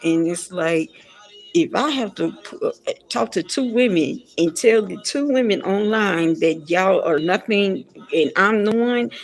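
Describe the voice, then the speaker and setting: Gravelly, blunt woman ranting. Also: fairly low pitch. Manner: blunt, repetitive, exasperated. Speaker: pop culture commentator. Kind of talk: ranting casual commentary.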